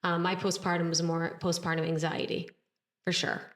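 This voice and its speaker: A woman's voice: on the low side, level tone, moderate pace. A woman co-hosting a podcast, speaking frankly and reflectively, often hedging. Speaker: podcast co-host. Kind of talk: casual chat.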